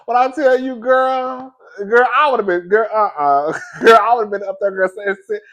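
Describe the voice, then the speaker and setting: High-voiced man, animated comic storyteller. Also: normal speed. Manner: animated, laughs often, says "girl" constantly. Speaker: comedic commentator.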